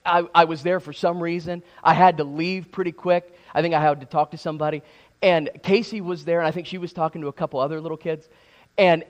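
Halting, higher-pitched man preaching. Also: muffled recording. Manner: halting, with many restarts and repeated words. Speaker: pastor. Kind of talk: sermon. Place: church sanctuary.

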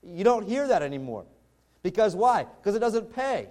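High-voiced man preaching conversationally. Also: sing-song, moderate pace, a little mellow. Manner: conversational storytelling preaching with restarts. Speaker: pastor. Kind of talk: sermon.

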